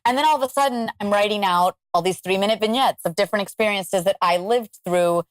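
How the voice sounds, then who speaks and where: A woman guest on a podcast, telling stories in animated, casual chat with quick asides. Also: mid-range voice, no room sound.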